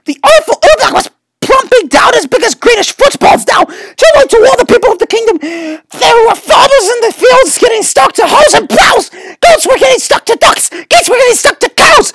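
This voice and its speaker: Brief: woman storybook reader, gravelly, animated delivery. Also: extremely high pitch. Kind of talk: reading a picture book aloud.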